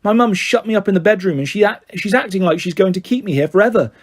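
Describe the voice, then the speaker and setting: Man doing a young schoolgirl, high, cheeky, dramatic, pleading, storybook voice. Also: expressive, fast talker.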